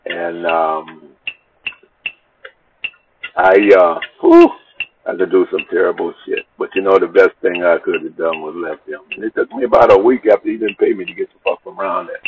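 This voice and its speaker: A man's voice: deep voice, normal speed. A man telling a long, rambling personal story in casual, profane speech, acting out the people in it. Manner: rambling, profane, animated retelling with quoted dialogue. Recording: dull lo-fi recording with faint noise.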